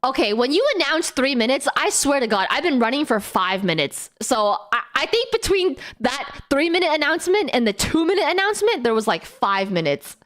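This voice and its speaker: A woman streamer telling a story to her chat in a casual, animated way, swearing a lot and bursting into quick rants and shrieks. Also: sits high. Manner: animated, exaggerated, lots of swearing; breathless rapid bursts with sudden shrieks.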